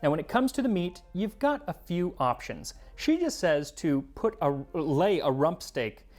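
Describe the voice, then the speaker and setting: A man's voice: on the high side, very animated, unhurried, darkish tone, soft background music. A man hosting a cooking history show in scripted narration, with playful, jokey asides.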